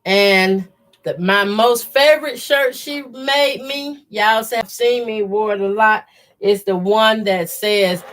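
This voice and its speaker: Speaking slowly in a medium, fairly bright voice stuffed up by her sinuses, a middle-aged woman hosts a quilting sew-along stream with a little hiss or hum on the audio. She chats casually while sewing, laughing often and reading viewer comments aloud.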